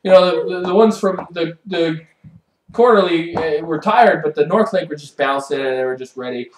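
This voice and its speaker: An excitable mock sports reporter rambles through a play-by-play, breaking into shouts and quick character voices. The sound is roomy, with the mic set well away on a stage. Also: mid-range voice, distant mic, a little hiss or hum. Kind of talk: improv comedy play-by-play. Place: improv stage.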